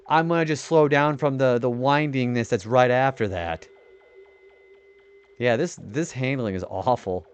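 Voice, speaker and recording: A young man streams a retro racing game and chats loosely with viewers, trailing off into stories and cursing at the handling. His voice is clear and smooth, mid-pitched, with the nerdy sound he jokes about himself. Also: measured pace. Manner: rambling, swears often when frustrated; self-described nerdy voice. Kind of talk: casual gaming stream chat.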